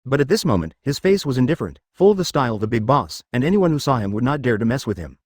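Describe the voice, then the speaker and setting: Brief: male story narrator, evenly read, animated pitch, dry. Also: quick pace, husky, no echo. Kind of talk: scripted narration.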